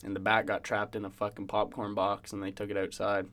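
A man's voice: on the low side, completely flat delivery, a little fast, fairly bright tone. A young man co-hosting a podcast, telling sports stories in a joking, profane way and laughing often. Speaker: podcast co-host. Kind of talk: casual sports banter.

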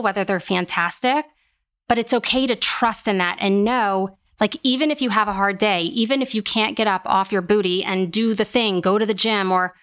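A woman's voice: mid-range voice, a bit bright. Reassuring woman speaking emphatically. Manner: reassuring, emphatic, uses "like" often. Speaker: guest, occupational therapist. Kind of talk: casual interview conversation.

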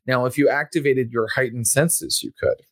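A game master narrating a tabletop game scene in a relaxed, hesitant way, full of fillers. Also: mid-range voice, moderate pace, no room sound.

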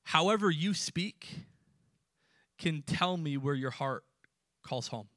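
Bright-voiced man preaching emphatically. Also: on the high side, animated, slow pace, dry recording, clean studio sound. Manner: emphatic preaching with sudden drops to quiet. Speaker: pastor. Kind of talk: sermon.

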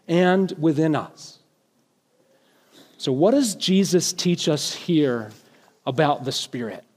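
A man with a high voice preaches a sermon as pastor, speaking earnestly and lifting his voice for emphasis. His words ring out with a long reverb, as in a church hall. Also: dark tone.

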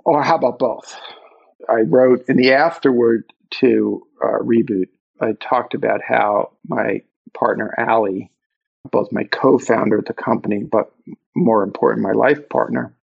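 Middle-aged guy, gravelly and a bit husky, emotional storytelling, kinda muffled lo-fi audio. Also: mid-range voice, a little slow. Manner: emotional, animated retelling of conversations. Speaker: interview guest, author. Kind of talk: reflective storytelling.

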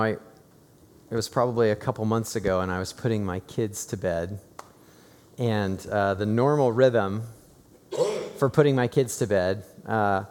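A man preaching a sermon, earnest and hushed in stories, rising to fervent, emphatic preaching. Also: lowish voice. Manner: tearful and hushed while telling a personal story. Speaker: pastor. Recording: long reverb of a large hall.

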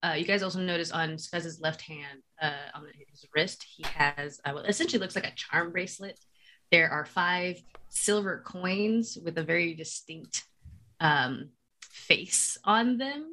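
A woman with a lowish voice chatting at a tabletop game table. She talks in a playful, casual way and swears freely. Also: unhurried, sharp tone. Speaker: player.

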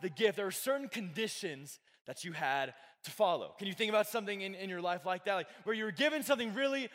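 Fast and animated, this young youth pastor's slightly bright voice sits high. He gives a casual, chatty sermon packed with fillers and jokes to a live audience, with long reverb filling the church hall.

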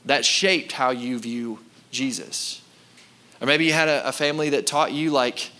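A man delivering a sermon from the pulpit, his voice bright and forceful. He speaks emphatically, turns straight to the congregation, and repeats his main points for weight. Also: mid-range voice, steady tone, unhurried. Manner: emphatic, repeats key lines, addresses the congregation directly. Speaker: pastor.

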